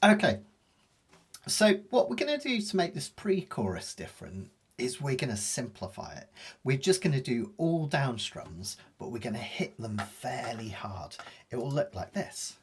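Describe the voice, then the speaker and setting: A man teaching a live ukulele lesson, explaining fast in a chatty, self-deprecating way. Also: medium pitch, big pitch swings, a little hiss or hum. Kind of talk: live online music lesson. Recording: ukulele playing behind the voice.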